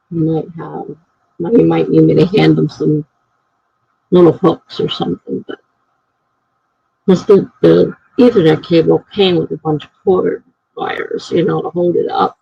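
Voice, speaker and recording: A woman writer chatting casually on her live stream, rambling and thinking out loud. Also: lowish voice, gravelly, husky, no echo. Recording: dry, slightly dull lo-fi mic.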